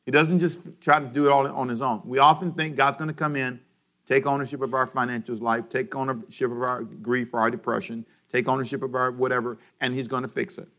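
A man preaching a sermon for a daily radio program, animated, and having his congregation repeat lines after him. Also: mid-range voice, fairly quick. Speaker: pastor.

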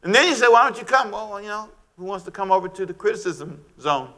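A middle-aged man preaching a sermon, animated and shouting at times, calling for amens from the congregation. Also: sits high, fast talker. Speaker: pastor.

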